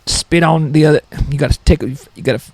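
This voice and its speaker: A man doing a crude, dim-witted hillbilly woman with a high, twangy squeal and drawn-out whoops. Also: fairly even intonation, gravelly, no echo. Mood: boastful.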